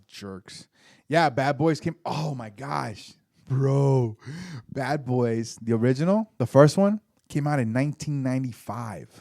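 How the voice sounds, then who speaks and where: A man's voice: medium pitch, expressive, unhurried, gravelly, dark tone, dry recording, clean studio sound. A man in his forties, co-hosting a podcast, tells a rambling story in casual chat full of fillers and restarts. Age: 40s. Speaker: podcast co-host.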